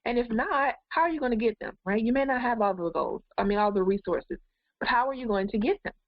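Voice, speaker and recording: A woman's voice: fairly high pitch, fast, dry recording. Woman life coach, encouraging webinar host, muffled dry webcam sound. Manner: encouraging, addresses viewers directly. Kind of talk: live goal-setting webinar talk.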